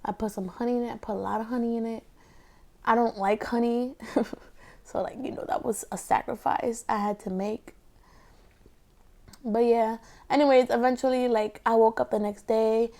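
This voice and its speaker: Young woman rambling casually over food, half whispered, higher voice with a gravelly fry. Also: fairly even intonation, moderate pace, warm tone. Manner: rambling storyteller, heavy filler 'like'. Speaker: ASMR mukbang creator. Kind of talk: casual chat while eating, partly whispered.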